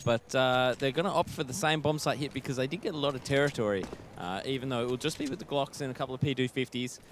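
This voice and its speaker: A man in the caster's seat for an esports match, calling the action in a steady, measured way and padding his lines with fillers. His voice sits at an ordinary middle pitch, with a faint hiss of noise underneath. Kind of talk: play-by-play commentary.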